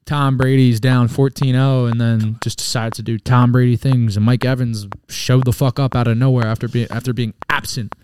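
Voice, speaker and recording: A man's voice: medium pitch, little pitch movement, moderate pace, hardly any pauses, darkish tone, a little hiss or hum. A man co-hosting a casual sports betting podcast, rambling and crude in his banter. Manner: rambling, crude, trash-talking. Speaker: podcast co-host.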